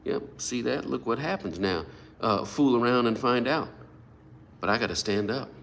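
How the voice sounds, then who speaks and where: A man's voice: medium pitch, normal speed, creaky, fairly bright tone. A middle-aged man preaching a sermon, talking animatedly and acting out the voices of people he quotes. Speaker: pastor.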